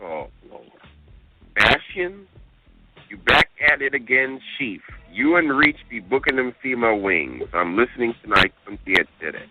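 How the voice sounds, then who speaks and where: A man's voice: mid-range voice, lively intonation, normal speed. A man co-hosting a talk radio show, reading out listener emails with exasperated, disbelieving outbursts. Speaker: radio co-host. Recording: tinny phone-line radio sound with music.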